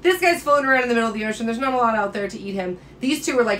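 A woman with a fairly high voice gives a biology lecture in a loose, chatty way. She is playful and clearly enthusiastic. There is a faint background hiss. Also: rapid-fire, few pauses, fairly bright tone. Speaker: biology teacher. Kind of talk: casual classroom lecture.

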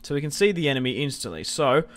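A man's voice: medium pitch, animated, quick pace, fairly bright tone. A young man giving casual, rambling commentary over a strategy game, restarting sentences and swearing freely. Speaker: gaming video host.

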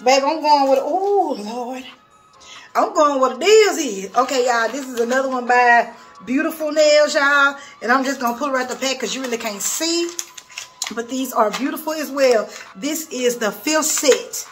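A woman's voice: high-pitched, a bit bright. A woman vlogging a nail haul from her bathroom vanity, chatty and gushing, often calling the viewers y'all. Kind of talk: casual haul video chat. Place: home bathroom vanity, seated.

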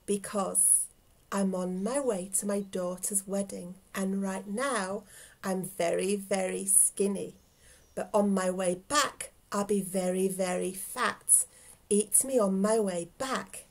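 A woman's voice: medium pitch, fairly even intonation, takes it slowly, creaky. A woman voicing a frail, skinny little old woman who pleads politely in a quavering voice. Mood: pleading.

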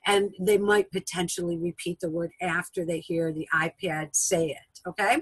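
A woman giving a patient step-by-step software tutorial over a video call, often repeating steps and checking in with her listeners. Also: on the low side, steady tone, moderate pace, slightly rough, no room sound, poor audio. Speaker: instructor. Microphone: video call recording.

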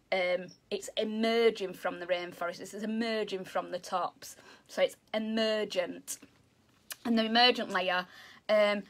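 This zoo educator's mid-range voice comes across bright and pushed as she gives children a chatty online lesson. She has a Yorkshire accent, a bubbly manner and a habit of self-deprecating humour.

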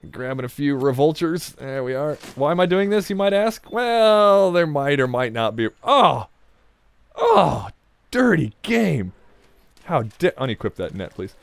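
A man's voice: on the high side, sing-song, normal speed, hardly any pauses, smooth, no room sound. Joking man narrating his gameplay. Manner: jokey, rambling, talks to the game, laughs often. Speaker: let's play gamer. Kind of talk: gameplay commentary.

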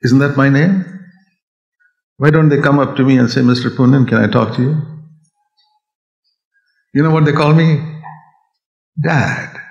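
A man's voice: mid-range voice, a little slow, gravelly, long pauses, muffled recording. An older man from India preaching an earnest sermon, often rising to an emphatic, raised voice. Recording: echoey hall sound.

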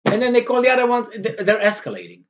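A man delivers a combative opinion monologue on his vlog, firing off rhetorical questions. His voice sits a little high and swings up and down a lot as he argues. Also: huge pitch swings, quick pace. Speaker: political commentary vlogger.

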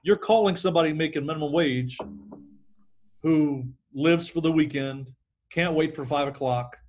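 A man's voice: on the high side, normal speed, darkish tone. A middle-aged man, a sales trainer, talking energetically in a podcast interview and acting out phone calls.

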